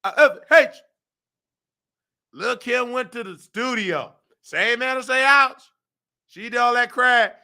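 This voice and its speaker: A man hosting a show, giving loose, slangy, animated commentary. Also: extremely high pitch, unhurried, long pauses. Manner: animated, loose slangy storytelling with sudden sung bits. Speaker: show host. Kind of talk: casual commentary.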